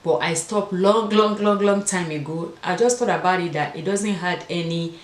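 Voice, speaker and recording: A woman's voice: on the low side, normal speed, echoey room. A woman with an African accent talking casually to camera as a fashion vlogger, repeating words for emphasis. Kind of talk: casual vlog talk to camera.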